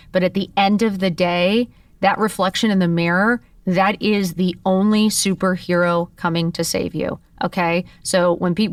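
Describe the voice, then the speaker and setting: A woman's voice: medium pitch, no room sound, far from the mic. A woman in her fifties hosting a podcast, telling a personal story candidly and expressively, full of "like" fillers and the odd curse. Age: 50s. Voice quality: expressive, with lots of "like" fillers and profanity. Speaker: podcast host.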